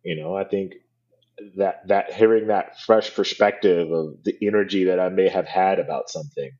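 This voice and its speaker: A man being interviewed, telling a story in a relaxed, rambling way full of restarts. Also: deep voice, normal speed, dull audio. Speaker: guest. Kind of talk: casual interview chat.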